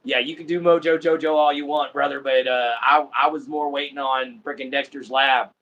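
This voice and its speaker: A man's voice: medium pitch, steady tone, brisk, fairly bright tone, lo-fi sound, a little hiss or hum. An American man hosting a casual livestream, chatting and laughing often as he greets viewers. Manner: laughs often, friendly sign-offs. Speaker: livestream host.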